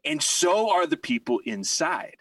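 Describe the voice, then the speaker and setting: A man telling a long anecdote in casual podcast chat, rambling and animated with many fillers and restarts. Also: on the high side, measured pace, slightly rough, no room sound, recorded from a distance.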